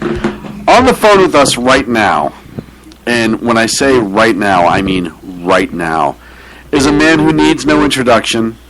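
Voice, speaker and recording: A man hosting a live talk radio show, introducing a guest with wry, drawn-out phrasing. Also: medium pitch, a bit bright, low-quality recording.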